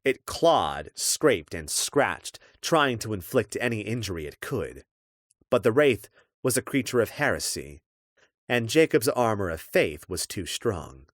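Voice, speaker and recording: A man narrating a dark fantasy audiobook in a measured, expressive storytelling voice. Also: lowish voice, no echo, clean studio sound.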